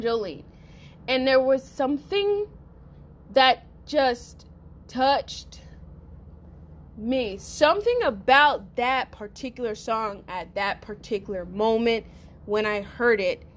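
A woman's voice: fairly high pitch, a little hiss or hum. Fiery, profane woman storyteller. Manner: profane, animated, acts out quotes; addresses listeners as y'all. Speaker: podcast host. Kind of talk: casual storytelling monologue.

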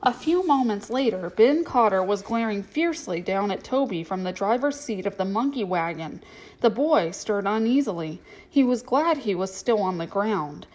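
A woman narrating a children's storybook aloud in a steady storytelling manner. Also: medium pitch, normal speed.

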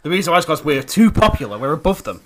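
A man's voice: a little high, sing-song, fast talker, slight background noise. A man co-hosting a comedy podcast, talking in casual banter, laughing often and swearing freely. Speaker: podcast co-host.

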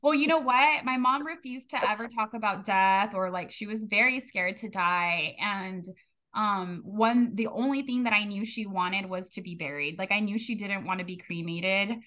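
A woman hosting a podcast, grieving and talking candidly in a casual, animated way, swearing freely. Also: mid-range voice, moderate pace. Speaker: podcast host. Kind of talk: casual conversational storytelling.

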